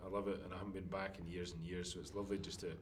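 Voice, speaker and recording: A man's voice: low voice, racing, noisy background. A middle-aged Scottish man from the northeast of Scotland, an actor chatting in a casual interview and acting out quotes as he tells his stories. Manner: animated storyteller, acts out quotes.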